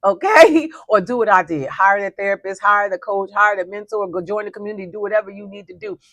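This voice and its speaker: A woman's voice: mid-range voice, steady tone, fast, bright, forceful tone, no echo. A woman hosting a weekly motivational talk, speaking emphatically and repeating her declarations in a folksy, spirited way. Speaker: host.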